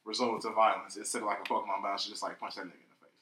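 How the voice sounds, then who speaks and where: A young man chatting casually and profanely on a podcast, rambling and animated. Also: lowish voice, racing, a little hiss or hum. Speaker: podcast co-host. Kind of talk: casual chat. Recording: echoey room.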